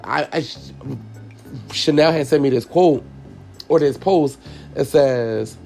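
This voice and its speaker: Here the same kind of young hairstylist and podcast host talks slowly, his gravelly, creaky voice pitched fairly high with a darkish tone. Calling listeners y'all, he recounts a personal story with raw emotion and free swearing while faint music plays beneath.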